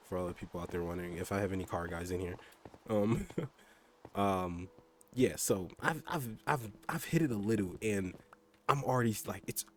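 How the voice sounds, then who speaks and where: A young man streams a game while casually chatting about his motorbike and car, rambling with lots of fillers and mild swearing. His voice sits low, with slight background noise behind it.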